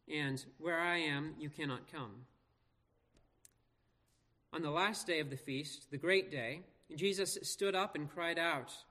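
A man pastor reading scripture aloud and preaching in an earnest, measured way with slow emphatic pauses. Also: a little high, sharp tone. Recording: long reverb of a large hall.

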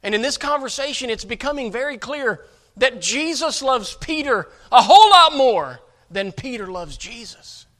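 A male pastor preaching with a high, bright, forceful voice. He is emphatic and stumbles into repeated words as he drives each point home. His delivery swings between loud stresses and quieter asides. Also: animated, normal speed. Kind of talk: sermon.

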